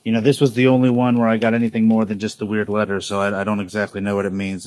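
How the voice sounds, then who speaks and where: A man's voice: on the low side, level tone, quick pace, few pauses, darkish tone, poor audio. A man in his thirties talking casually to camera in a home video diary, rambling with many fillers and restarts. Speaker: vlogger documenting his inherited house.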